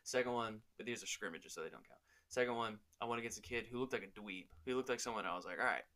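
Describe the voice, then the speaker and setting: A man's voice: fairly low pitch, quick pace, pushed and bright. A young man in casual, crude chat, rambling and laughing often between stories. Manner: rambling, laughs a lot, swears.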